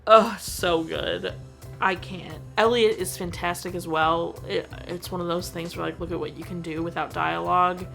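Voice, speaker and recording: A young woman talks through a movie she loves in a casual, emotional review. Her voice sits fairly low with a gravelly fry, and she leans on "like" constantly as she gushes. Faint music plays behind her. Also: steady tone, normal speed, fairly bright tone. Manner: gushing and emotional, many "like" fillers.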